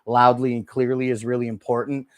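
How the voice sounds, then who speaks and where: A man hosting a live shopping stream, chatting casually and softly to viewers while demoing gear on a lapel mic. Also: medium pitch, fairly quick, dry recording. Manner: chatty, rambling, talks straight to viewers; speaking softly and relaxed instead of his usual loud delivery. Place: indoor room, moving around on camera. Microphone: wireless lapel mic.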